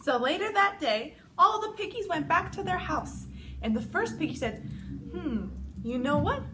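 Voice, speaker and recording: A woman who works as a children's gym instructor, reading a storybook aloud for kids in an animated, sing-song manner. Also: very high-pitched, moderate pace, background noise.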